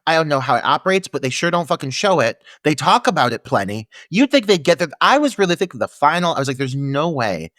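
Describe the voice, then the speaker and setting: A man's voice: fairly high pitch, sing-song, fast talker, few pauses, a bit bright, no echo. A man co-hosting a horror film podcast, ranting in casual, profane chat. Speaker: podcast co-host.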